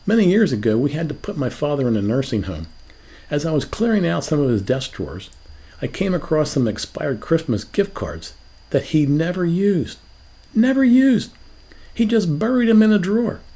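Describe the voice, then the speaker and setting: A man's voice: on the high side, warm tone. An older man preaching a sermon as a pastor, asking rhetorical questions in a conversational way.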